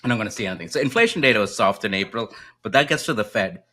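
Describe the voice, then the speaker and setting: Bright-voiced man explaining market data. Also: on the low side, lively intonation, racing. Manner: explanatory, data-heavy, asks rhetorical "right?". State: coughing, slightly choked up. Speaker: co-host, macro strategist. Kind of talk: casual market podcast chat.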